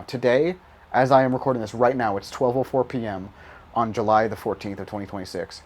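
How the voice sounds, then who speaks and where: A young man talks loosely over a driving game, drifting from topic to topic. He swears freely, mocks himself, and laughs often at his own jokes. His voice sits at a middling pitch. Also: fairly quick. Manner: rambling, profane, self-mocking, laughs often. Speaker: gaming YouTuber. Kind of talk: casual gameplay commentary.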